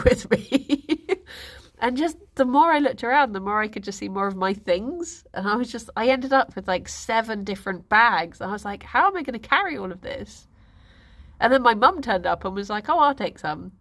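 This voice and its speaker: A woman's voice: mid-range voice, a bit bright. Giggly young woman telling stories. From England. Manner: rambling, giggly storytelling. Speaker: streamer. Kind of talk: casual chat.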